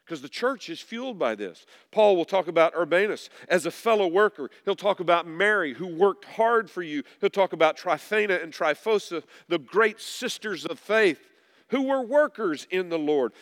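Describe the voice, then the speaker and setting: A pastor preaching a sermon, dropping low and soft at times, then rising loud to press a point. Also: male voice, lively intonation, normal speed. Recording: long reverb of a large hall.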